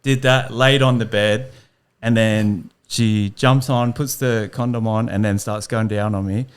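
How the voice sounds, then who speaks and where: A man's voice: fairly low pitch, steady tone, measured pace, smooth. A young man, a podcast guest, telling a self-deprecating story and laughing through it. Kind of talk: casual storytelling.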